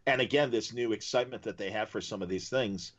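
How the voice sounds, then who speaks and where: A man from Chicago hosting a podcast, chatting casually and telling stories with lively slips into impressions. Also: fairly low pitch, fast, muffled recording. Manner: animated storyteller who slips into impressions. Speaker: podcast host. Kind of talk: casual chat.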